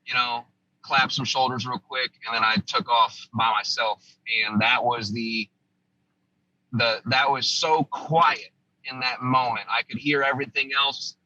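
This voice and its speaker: Veteran storyteller, man, very bright tense tone, slightly dull audio. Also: medium pitch, fairly even intonation, unhurried, dry recording. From United States. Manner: vivid storytelling, acting out quoted lines. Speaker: guest, former army sergeant. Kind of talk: recounting a combat story in a podcast interview.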